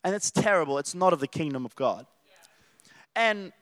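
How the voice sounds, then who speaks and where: Young Australian male preacher, high voice, rambling animated storyteller. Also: normal speed, no echo. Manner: animated, rambling storytelling with many restarts and laughs. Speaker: youth preacher. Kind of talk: casual sermon.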